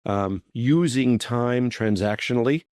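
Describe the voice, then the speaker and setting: A man's voice: medium pitch, a little slow, a little mellow, no room sound, studio quality. A man hosting a podcast interview who thinks aloud in a tentative way and searches for his words. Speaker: podcast host. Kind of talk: casual interview chat.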